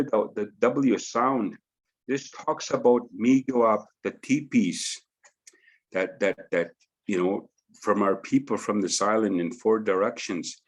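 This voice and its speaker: Low-voiced man giving an unhurried teaching. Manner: unhurried, repeats words, adds "eh?" at phrase ends. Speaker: Indigenous knowledge teacher. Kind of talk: spoken teaching with demonstrations. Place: indoors at home.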